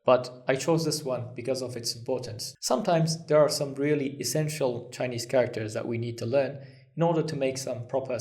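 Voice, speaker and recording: Counting the strokes out loud as he writes, a man teaches a step-by-step language lesson in a patient, reassuring way. His voice is warm and mid-range.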